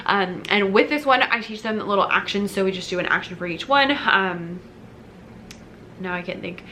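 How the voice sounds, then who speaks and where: Woman, elementary music teacher; casual upbeat tips, bright tone, mid pitch. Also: animated, normal speed, a little hiss or hum. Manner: chatty and upbeat, with many fillers and short sung snippets.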